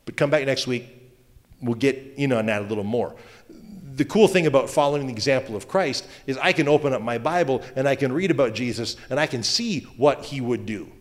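A male pastor giving a sermon in a conversational manner, with joking asides and quick self-corrections. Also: mid-range voice, expressive. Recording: long hall reverb.

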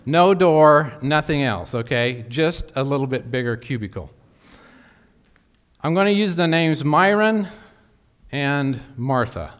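A man's voice: fairly high pitch, animated, slow pace. A man preaching a sermon, telling a personal story with emphatic asides to the congregation. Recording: long hall reverb.

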